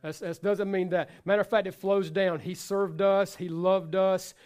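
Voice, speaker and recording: Guy preaching, pretty high voice, chatty and repetitive, talks straight to the crowd. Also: steady tone, moderate pace, darkish tone, clear, resonant tone. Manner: conversational preaching with repetitions and asides. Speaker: pastor. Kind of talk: sermon.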